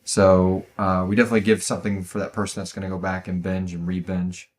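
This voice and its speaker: A man's voice: low voice, flat delivery, quick pace. A man hosting a podcast in a casual chat, reading listener reviews aloud in a rambling, laid-back way and often stumbling over words.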